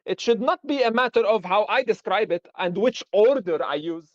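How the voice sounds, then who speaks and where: High-voiced man lecturing through examples. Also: expressive, normal speed, no room sound, lo-fi sound. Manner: explains with rhetorical questions and examples. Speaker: philosophy lecturer. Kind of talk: live-streamed lecture discussion.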